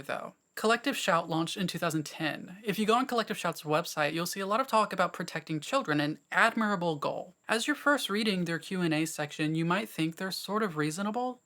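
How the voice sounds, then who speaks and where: A man's voice: fairly high pitch, pushed and bright. A man presenting a scripted commentary video essay, making wry, sarcastic asides between points.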